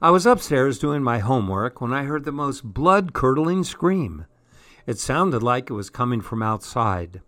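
Slow, steady male story reader. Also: mid-range voice, no echo. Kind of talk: storybook reading.

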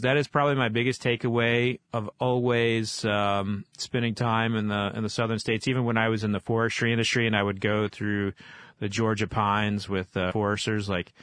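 A man from Oklahoma, a guest in an interview, telling stories in a casual, animated way with many fillers. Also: on the low side, dry recording. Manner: animated storyteller, lively with fillers. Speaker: guest, whiskey author.

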